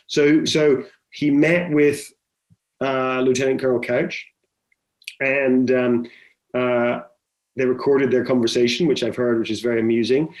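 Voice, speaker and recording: A man's voice: medium pitch, level tone, moderate pace, darkish tone. A middle-aged man, a film director, telling stories in a chatty interview with many restarts. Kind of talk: conversational interview.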